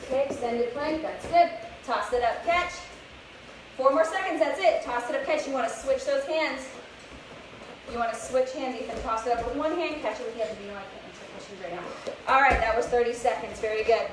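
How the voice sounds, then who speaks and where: A bright, high-voiced young woman coaches children through a workout, upbeat and a little breathless. She sounds set back from the mic, with a strong echo and clear background noise around her. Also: a little fast. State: slightly out of breath. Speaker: fitness instructor. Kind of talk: live kids' workout class. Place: outdoors, open space. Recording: echoey, distant with background noise.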